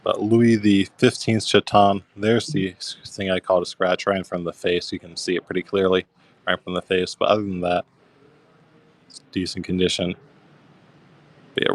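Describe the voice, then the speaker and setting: Young male auction host, deep and even-toned, easygoing live-stream patter. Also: no echo. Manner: easygoing, describes coins and thanks bidders. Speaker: coin auction seller.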